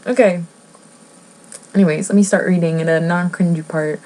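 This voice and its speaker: A woman's voice: fairly low pitch, steady tone, normal speed, pauses often, darkish tone, poor audio. A woman vlogger chatting casually as she reads a book aloud, rambling, giggling and cutting herself off. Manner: rambling, giggly, self-interrupting. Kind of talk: casual chat while reading a book aloud.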